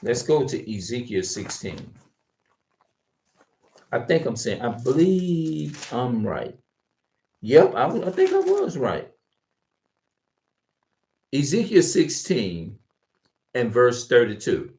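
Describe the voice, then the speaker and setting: A man's voice: medium pitch, huge pitch swings, slow, pauses often, darkish tone. A man preaching informally to camera, reading verses and repeating his points with heavy profanity. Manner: emphatic, profane, repeats himself. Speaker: street preacher.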